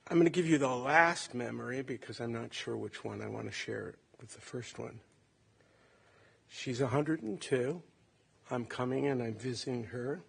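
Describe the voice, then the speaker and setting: Older guy late 60s giving a eulogy, super gravelly husky voice, halting and reflective. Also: mid-range voice, fairly bright tone. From Cleveland, Ohio. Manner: halting, reflective, tender storytelling. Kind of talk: funeral eulogy.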